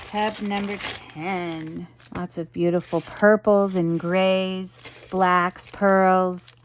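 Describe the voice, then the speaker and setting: A woman's voice: on the low side, a little hiss or hum. A woman casually presenting jewelry she sells, chatty and rambling with lots of ums, in an enthusiastic selling tone. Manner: chatty, rambling, frequent ums and you-knows. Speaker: jewelry seller presenting her wares. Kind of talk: casual product showcase.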